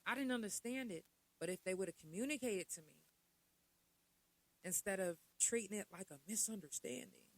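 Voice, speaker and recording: A woman's voice: medium pitch, moderate pace, pauses often, low-quality recording. Middle-aged woman hosting a casual podcast. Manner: conversational, full of rhetorical questions and asides. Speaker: podcast host.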